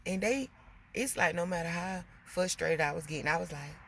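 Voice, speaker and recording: A woman venting in a casual monologue to her viewers, animated and emotional, getting loud as she talks. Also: fairly low pitch, moderate pace, a little hiss or hum. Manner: gets loud when emotional.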